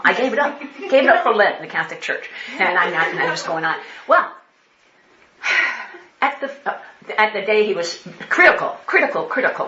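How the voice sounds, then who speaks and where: An older woman telling funny church stories at a women's conference, laughing often and acting out the voices of people she quotes. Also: fairly low pitch. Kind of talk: storytelling talk with humor. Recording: echoey hall, faint noise.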